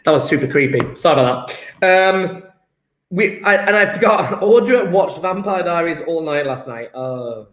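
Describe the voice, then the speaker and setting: A man's voice: a little high, expressive, normal speed, reverberant. A male teacher chatting and joking with his class while taking the register in a live-streamed online lesson. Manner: chatty, joking, takes register and reads out student chat.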